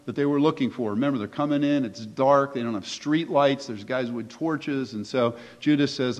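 A male pastor preaches a sermon at normal speed with hardly any pauses, his voice medium-pitched. He's conversational yet emphatic and poses rhetorical questions to listeners, recorded in an echoey hall with dull, lo-fi sound.

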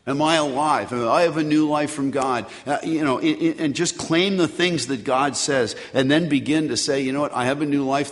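A pastor preaching a sermon with emphatic delivery, reading scripture aloud and leading prayer. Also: male voice, medium pitch, big-room sound.

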